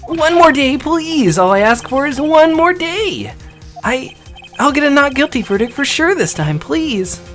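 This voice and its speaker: A woman's voice: high voice, sing-song, a little slow, a bit bright, soft background music, pitched above the performer's own voice, heavily acted. A woman voicing a flustered young male defense attorney, anxious and pleading, in a fan dub of a game.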